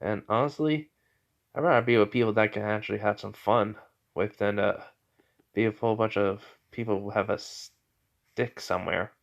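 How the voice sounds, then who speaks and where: A man's voice: on the low side, fairly even intonation, moderate pace, creaky. A man voicing a brash young man who cracks puns, speaking casually in a joking way. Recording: slightly muffled lo-fi audio.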